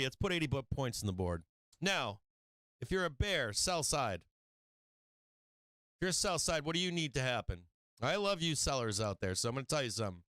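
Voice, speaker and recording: A man hosting a live stock market stream, walking through charts in a brash, excitable way with casual swearing. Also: medium pitch, dry recording. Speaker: stock market show host.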